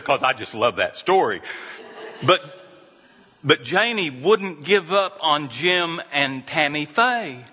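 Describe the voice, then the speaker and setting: A man's voice: medium pitch, sharp tone. A man preaching a sermon as a pastor, telling stories and putting questions to the congregation. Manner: storytelling, slow and conversational with audience questions. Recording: dull lo-fi sound in a reverberant hall.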